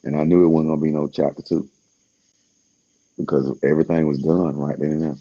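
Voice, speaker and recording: Man, very low and husky, casual rambling talker, lo-fi sound. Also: level tone, a little fast, warm tone. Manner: laid-back, slangy, trailing off with fillers.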